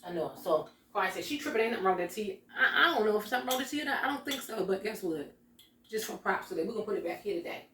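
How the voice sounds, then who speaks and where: A woman's voice: medium pitch, animated, racing, echoey room, background noise. A woman hosting a casual kitchen vlog, chatting straight to her viewers in a folksy way. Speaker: vlog host. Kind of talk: casual chat to camera. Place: home kitchen.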